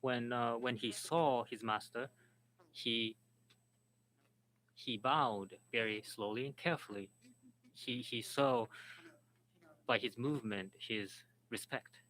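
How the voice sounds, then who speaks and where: A man moderating and interpreting at a symposium, speaking haltingly and restarting words. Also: medium pitch, fairly bright tone, a little hiss or hum, poor audio. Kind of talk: symposium panel talk.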